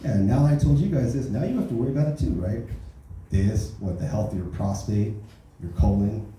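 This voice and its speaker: A man's voice: on the low side, brisk, warm tone, a little hiss or hum. Profane stand-up man in an echoey club. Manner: profane, rambling storytelling, tag questions. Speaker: stand-up comedian. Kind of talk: stand-up comedy set. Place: open mic comedy club. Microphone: handheld stage mic. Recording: roomy club sound from far off.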